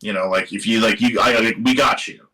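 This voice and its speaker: A middle-aged man from Seattle, a guest musician telling a long story in a casual, animated interview, swearing now and then and acting out what other people said. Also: lowish voice, fairly quick, poor audio. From Seattle area. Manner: animated, swearing, quotes others in lively voices. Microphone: live stream microphone.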